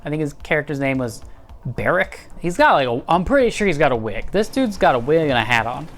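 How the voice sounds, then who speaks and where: A woman's voice: low-pitched, very animated, a little fast. A woman hosting a comedic movie review, sarcastic and profane, mocking the characters in silly quoted voices. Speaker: video essay host.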